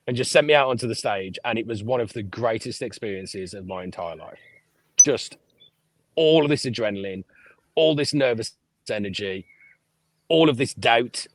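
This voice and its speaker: A man, a podcast guest telling lively stories about his life and swearing freely. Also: medium pitch, dry recording. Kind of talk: casual storytelling interview.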